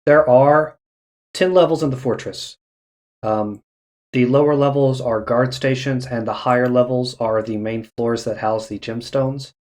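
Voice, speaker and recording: A man narrating a tabletop game as dungeon master, unhurried and halting with many fillers. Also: mid-range voice, fairly even intonation, a little mellow.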